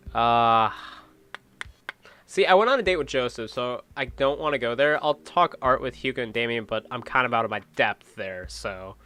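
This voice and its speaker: A man's voice: mid-range voice, sharp tone, clean tone. A man narrating a video game playthrough in a casual, jokey way as the channel host. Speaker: let's play host.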